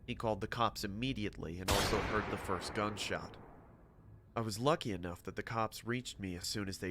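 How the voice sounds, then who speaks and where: A man narrating a horror story in a steady, dramatic scripted telling. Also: fairly low pitch, a little hiss or hum.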